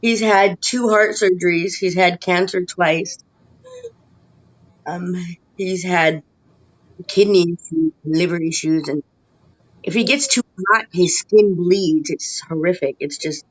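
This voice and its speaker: A woman's voice: fairly low pitch, a little slow, dry recording. A woman in casual video chat, venting with rising frustration and emotion. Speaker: chat participant. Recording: dull lo-fi online call audio.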